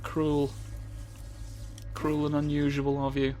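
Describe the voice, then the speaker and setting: A man's voice: medium pitch, unhurried, long pauses, slight background noise. A man giving sardonic gameplay commentary, grumbling and swearing at the game. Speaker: let's play commentator.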